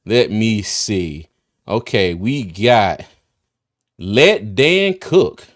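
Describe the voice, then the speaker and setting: A man's voice: lowish voice, expressive, extremely slow. Laughing man hosting a livestream. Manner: loose, laughs often, restarts and trails off. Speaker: host of a live draft-night stream. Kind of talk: casual livestream chat.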